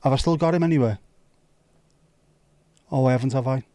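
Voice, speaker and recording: Sweary jokey Brummie livestream host. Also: male voice, mid-range voice, dark tone, no echo. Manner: banter with sweary jokes and quick asides. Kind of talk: casual chat with viewers. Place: home livestream setup.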